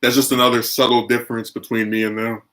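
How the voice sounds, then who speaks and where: A man's voice: mid-range voice, level tone, fast, a bit bright. A man streaming, chatting casually and arguing his opinions while reacting to his chat. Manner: opinionated, argumentative.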